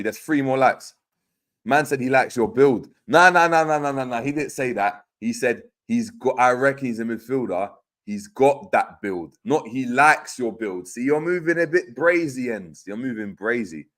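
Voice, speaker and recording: A man's voice: medium pitch, fairly bright tone. A man hosting a livestream, reading chat comments aloud in slangy, teasing banter. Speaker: host reading live chat.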